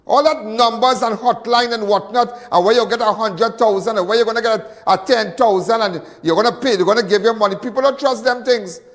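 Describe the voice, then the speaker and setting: Emphatic high-voiced Trinidadian talk host. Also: male voice, a little fast, few pauses, long reverb tail. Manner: emphatic, chatty, repeats phrases for effect. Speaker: call-in crime show host. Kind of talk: live call-in show talk.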